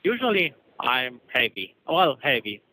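Hesitant male trucker caller, bright voice. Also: medium pitch, very animated, unhurried, poor audio. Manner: hesitant, many uhs. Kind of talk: call-in conversation.

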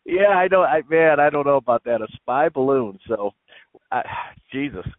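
A man's voice: medium pitch, expressive, dry recording. A man co-hosting a casual radio chat, laughing often and repeating himself as he talks. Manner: laughs often, halting and repetitive. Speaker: radio co-host. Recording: dry phone-line audio.

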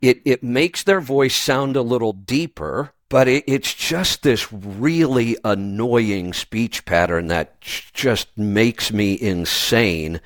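A man hosting a radio show in casual chat, opinionated and talking quickly with many restarts. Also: mid-range voice, expressive, dry recording. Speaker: radio host.

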